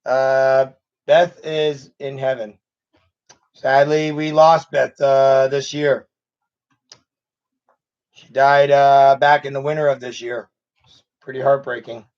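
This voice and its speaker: A man hosting a casual livestream chat, halting and chuckling often. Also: medium pitch, level tone, darkish tone, lo-fi sound. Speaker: channel host on a livestream.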